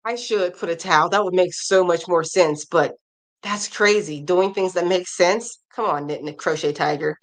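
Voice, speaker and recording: On the low side and at normal speed, a woman's voice carries a casual crochet live stream. She chats with the audience, reads comments aloud with reactions, and runs through pattern blurbs upbeat.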